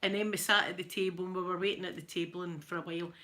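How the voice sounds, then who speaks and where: A Scottish woman with a Glaswegian accent, chatting casually to her viewers. She tells funny stories, laughs a lot, and her throat is a little hoarse. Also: fairly low pitch, little pitch movement, rapid-fire, pushed and bright. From Scotland. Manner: chatty storyteller, laughs often, mimics voices. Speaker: ASMR channel host.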